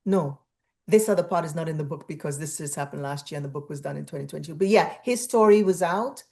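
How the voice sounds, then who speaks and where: Lower-voiced woman guest telling animated stories. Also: quick pace, vocal fry. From Trinidad. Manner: animated storyteller, acting out quoted dialogue. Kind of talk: casual interview chat.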